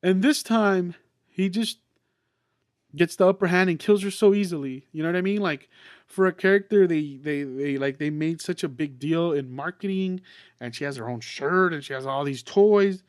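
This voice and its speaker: A man hosting a podcast, giving a casual, excitable movie review with plenty of swearing and restarts. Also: fairly high pitch, normal speed, dry recording, clean studio sound. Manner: excitable, swears freely, many fillers and restarts. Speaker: podcast host reviewing a film.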